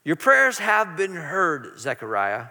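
An earnest male pastor preaching with a high, bright voice. He is emphatic and keeps circling back on his own words. The sound carries a long reverb, as in a large sanctuary. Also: wildly swooping pitch, slow pace. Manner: earnest and emphatic, with frequent repetitions. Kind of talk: sermon.

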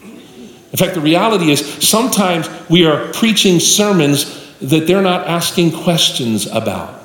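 A man's voice: a little high, expressive, measured pace, a bit bright. A male pastor preaching a sermon with folksy storytelling, addressing the congregation directly. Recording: echoey live hall with room noise.

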